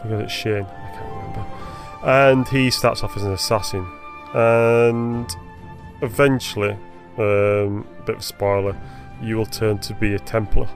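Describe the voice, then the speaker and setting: A man's voice: fairly low pitch, fairly even intonation, a little slow. Man, casual game chat, rambling, self-correcting, faint music behind. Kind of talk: casual chat about video games.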